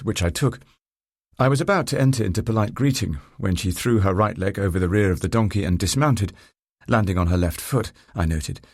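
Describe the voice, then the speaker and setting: A man narrating a first-person story in a reflective, measured and formal way. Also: deep voice, darkish tone, breathy edge, dry recording, clean studio sound.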